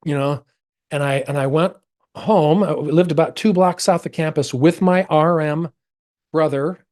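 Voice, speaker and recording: Brief: middle-aged American man, podcast guest, expressive storyteller who jumps into quoted voices. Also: unhurried. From United States. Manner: animated, acts out quoted voices with big pitch jumps. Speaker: actor. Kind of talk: personal storytelling in a podcast interview.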